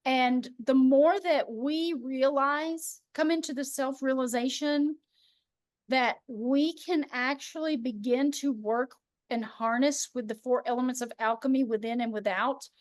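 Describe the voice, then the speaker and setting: A woman hosting a casual spiritual chat, telling stories in an animated way and acting out the voices of people she quotes. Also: high voice, unhurried, no room sound, clean studio sound. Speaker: host.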